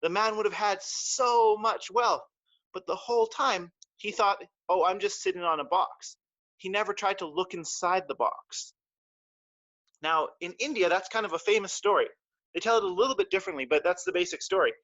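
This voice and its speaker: A man's voice: sits high, animated, normal speed, a bit bright, dry recording, muffled recording. A martial arts teacher, a man, giving a playful lesson to children and acting out little voices. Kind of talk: talk to children in class. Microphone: livestream mic.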